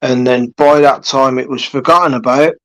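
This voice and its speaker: A man's voice: mid-range voice, steady tone, moderate pace, low-quality recording. A British man in his forties hosting a live stream, chatting casually and rambling with many hesitations and restarts. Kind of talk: casual chat with viewers. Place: home room.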